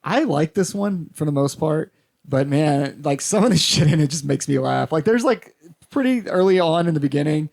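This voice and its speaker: A man co-hosting a podcast in casual chat, telling profane, animated stories and acting out quotes. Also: fairly high pitch, moderate pace, gravelly. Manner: animated, profane storyteller who acts out quotes. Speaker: podcast co-host.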